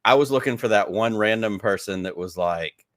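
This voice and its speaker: Low-voiced Southern man telling stories. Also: normal speed, a bit bright, dry recording. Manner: enthusiastic rambling storyteller, many "like"s. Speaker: podcast guest. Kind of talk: casual interview chat.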